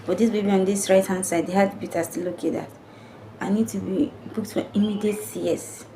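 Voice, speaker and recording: A woman's voice: mid-range voice, fairly even intonation, a little fast, dark tone, slight background noise, poor audio. A young adult woman vlogger earnestly retelling a painful personal story to camera, with emotional repetition. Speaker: family vlogger.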